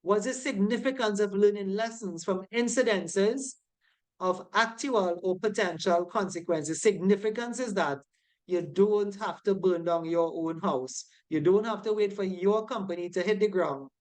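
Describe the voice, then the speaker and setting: A woman's voice: mid-range voice, a little slow, darkish tone. A woman teaching a safety course, emphatic and checking often that her students follow. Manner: emphatic, keeps asking "right?" to check understanding. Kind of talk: online lecture going over quiz answers.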